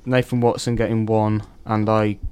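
Young radio host, rambling. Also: male voice, lowish voice, normal speed, clean tone. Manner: excitable, rambling storyteller. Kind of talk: casual chat.

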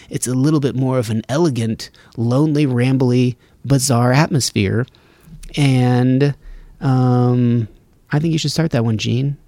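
A man's voice: mid-range voice, warm tone, no room sound. A man hosting a solo podcast from his home studio, rambling casually and breaking off his own sentences. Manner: casual, rambling, self-interrupting. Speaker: podcast host.

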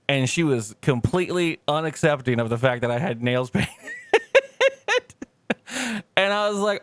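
A man's voice: medium pitch, animated, fairly quick, no room sound. A man co-hosting a podcast, telling rambling, profane stories in casual chat. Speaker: podcast co-host.

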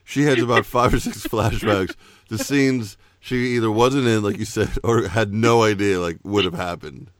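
A man's voice: fairly low pitch, moderate pace, dry recording, studio quality. A man hosting a casual movie podcast, teasing his co-host and joking, saying he is loaded. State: says he is intoxicated.

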